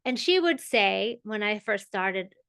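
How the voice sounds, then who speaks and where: Slow, bright-voiced woman meditation teacher. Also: medium pitch, expressive, vocal fry, smooth, dry recording. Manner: unhurried, explanatory, checks in with "okay" and "right?". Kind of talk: spiritual teaching.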